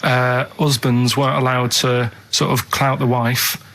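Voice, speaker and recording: A man with a Manchester accent, telling rambling anecdotes in a deadpan way as a co-host in casual chat. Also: medium pitch, measured pace. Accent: Mancunian.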